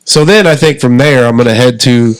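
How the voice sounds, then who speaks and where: A middle-aged man with a Southern Indiana accent chats easily on a podcast. He talks in a relaxed, joking way and lays his plans out step by step. His voice is recorded dry and close. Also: medium pitch, brisk, clear, resonant tone, no echo, low-quality recording. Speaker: podcast co-host. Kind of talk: casual chat.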